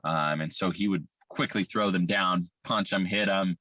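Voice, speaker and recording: A man recounting a painful childhood experience in candid, profane, halting personal testimony full of fillers. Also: low-pitched, steady tone, bright, forceful tone, no room sound. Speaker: survivor telling his story.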